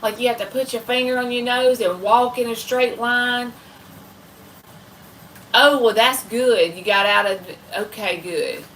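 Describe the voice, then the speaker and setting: A woman's voice: a little high, measured pace, fairly bright tone, recorded from a distance, slight background noise, rough recording. A woman from the American South with a Southern accent, hosting a casual late-night livestream and chatting folksily with her viewers. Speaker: livestream tarot reader host.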